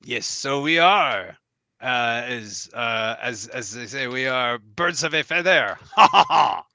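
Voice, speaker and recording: A man's voice: mid-range voice, expressive, takes it slowly, vocal fry, sharp tone, dry recording, full character voice. A man voicing a pompous male mouse knight in full plate, with a put-on upper-class English accent and a courtly, blustering manner. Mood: jovial.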